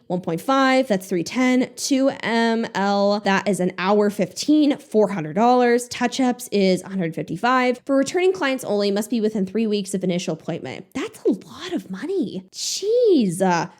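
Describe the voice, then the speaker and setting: A woman's voice: medium pitch, expressive, normal speed, few pauses. A young woman giving casual reaction commentary on a beauty video channel, sarcastic and exasperated, swearing freely.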